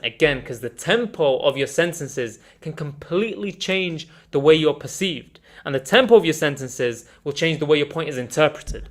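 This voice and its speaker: A man teaching an online communication course in an energetic, emphatic way, calling his viewers guys. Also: a little high. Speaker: communication coach.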